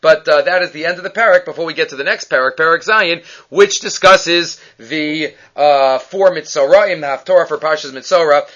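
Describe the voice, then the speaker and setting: Bible teacher, male, higher voice, animated storyteller who acts out the characters, recording a little muffled. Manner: acts out characters' lines in quick voices, peppers English with Hebrew terms. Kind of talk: lively storytelling lesson.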